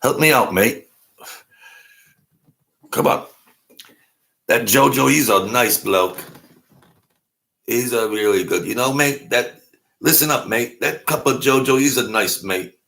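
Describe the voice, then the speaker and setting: A man's voice: mid-range voice, takes it slowly, vocal fry, long pauses, bright, forceful tone, voice pushed up, heavily acted. A man putting on an English accent to play a friendly older English rock star who keeps calling people mate. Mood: chummy. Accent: put-on English. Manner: chummy, coaxing, calls everyone mate.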